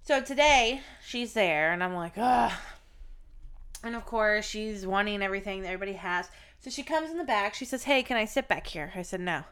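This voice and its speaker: A woman's voice: medium pitch, fairly quick, fairly bright tone, clean tone. A woman co-hosting a podcast, telling a profane, blunt story in casual chat. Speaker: podcast co-host.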